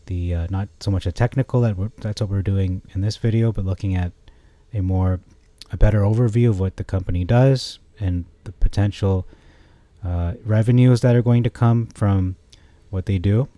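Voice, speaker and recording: Low mellow man rambling about stock charts. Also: dry recording. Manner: rambling, self-correcting, gets excited. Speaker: stock market commentator. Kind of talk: casual chart analysis monologue.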